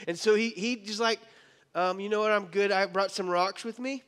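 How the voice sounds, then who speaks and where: A man's voice: sits high, fairly even intonation, a little fast, a bit bright, clear, resonant tone, long reverb tail. A man preaching a sermon as pastor, casual and joking, acting out the people in his story. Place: church hall.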